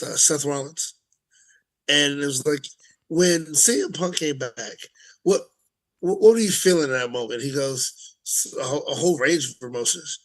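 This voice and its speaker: A man's voice: fairly high pitch, poor audio. A man co-hosting a podcast in casual chat, laughing often and trailing off with fillers. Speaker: podcast co-host.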